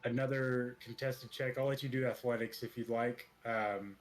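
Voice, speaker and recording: A man's voice: medium pitch, moderate pace, low-quality recording. Man running a tabletop game. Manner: relaxed, hesitant with many fillers. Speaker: game master.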